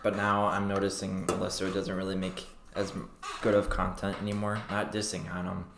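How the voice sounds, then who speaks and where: A man's voice: sits low, completely flat delivery, brisk, creaky. A young man hosting a crypto trading livestream, chatting casually and rambling with many fillers and restarts. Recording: echoey room with faint background noise.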